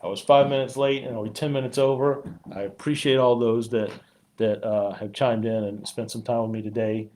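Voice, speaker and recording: A man, a police chief, talking warmly and haltingly on a live community stream, choked up at times and full of fillers. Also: medium pitch, steady tone. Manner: heartfelt, rambling, frequent fillers. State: choked up with emotion.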